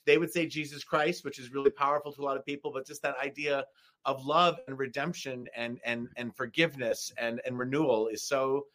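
A man's voice: medium pitch, fairly even intonation, brisk, a bit bright. A man in casual chat, talking sincerely and heartfelt.

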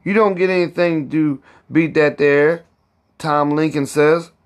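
An eager young boy, the son of a master, teasing his old cook, read by a man in close to his own voice. The lines come slowly, in a plain and slightly raised tone. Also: fairly high pitch, steady tone, voice pushed up, lightly acted.

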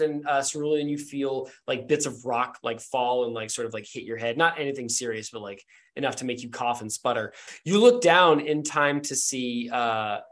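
A man narrating a tabletop game as game master, with rambling, filler-heavy storytelling. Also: medium pitch.

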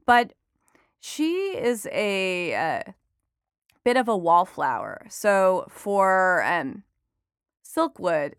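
A woman's voice: on the low side, smooth, no room sound. Chatty woman reporter, very dry sound. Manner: chatty, laughs often, many fillers. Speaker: entertainment reporter and author. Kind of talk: conversational interview answers.

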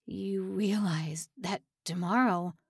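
A woman's voice: fairly high pitch, takes it slowly, dark tone, no room sound, studio quality. A woman voicing a desperate young male prisoner who pleads and speaks tenderly to his bride.

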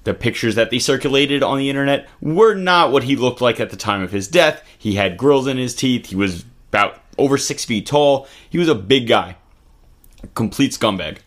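A man's voice: mid-range voice, lively intonation, normal speed, fairly bright tone. A man giving blunt, profane political commentary in casual chat, co-hosting a talk video.

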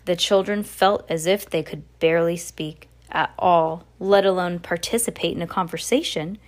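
A woman reading a novel aloud at a steady pace, with small slips and self-corrections. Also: fairly low pitch, moderate pace. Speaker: reader.

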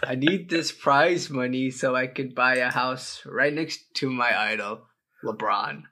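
A man voicing a goofy male talent show contestant who begs for votes, reading slowly and breaking into laughs. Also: medium pitch, pushed and bright, slight background noise, rough recording.

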